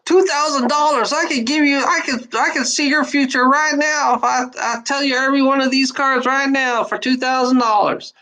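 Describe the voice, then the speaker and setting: A woman's voice: sits high, fairly even intonation, moderate pace, hardly any pauses, pushed and bright, voice pushed up, rough recording. A woman voicing a greedy female tarot reader who keeps raising her price, wheedling and insistent.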